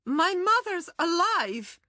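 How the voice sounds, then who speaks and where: Urgent middle-aged daughter, loud and strained, close and dry; woman narrator doing the voice. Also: on the high side, fairly even intonation, unhurried, no room sound, voice pushed up, natural voice. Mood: outraged. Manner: raised, urgent, pleading. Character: distressed fifty-five-year-old woman, protective daughter.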